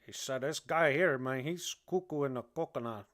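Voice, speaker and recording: A man's voice: mid-range voice, moderate pace, a bit bright, lightly acted. A man putting on a brash Cuban gangster with a Cuban Spanish accent, rambling and boastful with constant "man"s. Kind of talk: comedic impression on a livestream.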